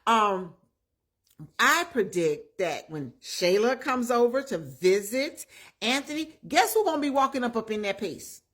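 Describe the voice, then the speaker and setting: A woman hosting her own channel, chatting through a recap of comedy skits in a lively, storytelling way and talking straight to her viewers. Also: a little high, unhurried. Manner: animated storyteller who acts out the characters' lines; chatty, addresses viewers directly. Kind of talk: casual recap and commentary.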